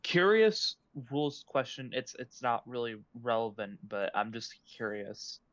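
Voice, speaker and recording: A man's voice: medium pitch, very animated, unhurried, fairly bright tone, no room sound, highs cut off. A man playing in an online tabletop game, chatting casually in a rambling, hesitant way. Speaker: player.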